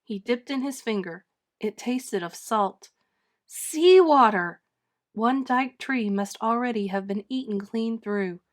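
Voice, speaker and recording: A woman reading a children's storybook aloud with dramatic, expressive narration. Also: fairly high pitch, a little slow. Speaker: storybook reader. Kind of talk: children's book read-aloud.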